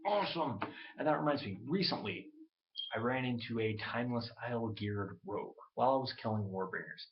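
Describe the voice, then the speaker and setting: A man talking straight into his webcam in a loose, worked-up rant. He swears freely and puts on other people's voices when he quotes them. His voice sits at an ordinary pitch, and the webcam audio is a little dull. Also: a little fast, a little hiss or hum. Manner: animated, profane, mimics others in quotes. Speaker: gamer ranting on webcam. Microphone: webcam mic.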